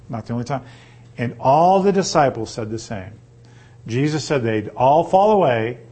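A man reading scripture aloud and teaching on it, pausing to ask his listeners rhetorical questions. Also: mid-range voice, darkish tone, husky. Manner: reads slowly, then explains with rhetorical questions. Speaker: Bible teacher.

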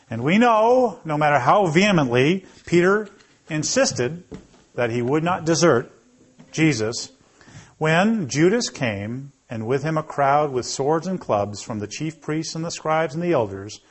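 Male pastor, slightly high voice, relaxed conversational preaching with scripture readings. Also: measured pace. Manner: conversational, calls on listeners by name.

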